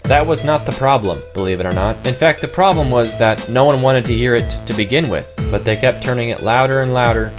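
A man's voice: mid-range voice, moderate pace, few pauses, soft background music. A man narrating a comic game story with wry, joking asides.

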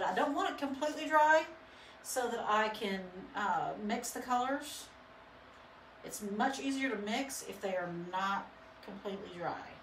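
A woman's voice: mid-range voice, a little hiss or hum. A woman chatting casually through a live painting demo, rambling with lots of fillers. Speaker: painting instructor and studio owner. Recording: roomy echo.

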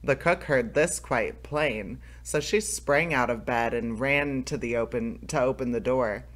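A man reading a fairy tale aloud as narrator, steady, with small restarts. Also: mid-range voice, a little slow. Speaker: storyteller, channel host.

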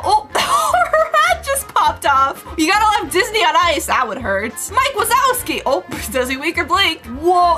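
Woman, reaction video host, high voice, gasping and exclaiming, background music. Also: pushed and bright. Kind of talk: reacting to viral clips. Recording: music playing underneath.

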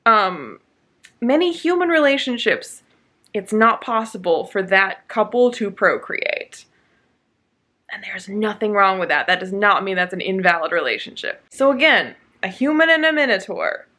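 A book vlogger chats casually to her camera about a book, drifting into sarcastic, exasperated rants. Her medium-pitched voice is bright, forward, and expressive, and her speech is packed with fillers and quick restarts.

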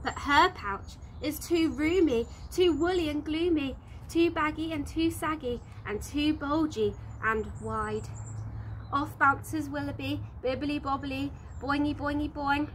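A woman teacher reading a picture book aloud outdoors, bouncy and expressive with the rhymes. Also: sits high, measured pace, slight background noise, poor audio. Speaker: infant school teacher. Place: outdoors in the sunshine.

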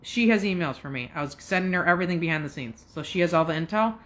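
A woman's voice: lowish voice, expressive, fast talker. A woman in her fifties telling a long, agitated story straight to her viewers, swearing and jumping between asides. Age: 50s. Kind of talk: casual rant to camera.

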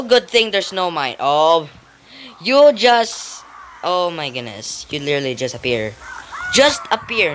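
A person giving casual gameplay commentary, excitable, with frequent startled exclamations, giggles and rambling restarts. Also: medium pitch, slight background noise.

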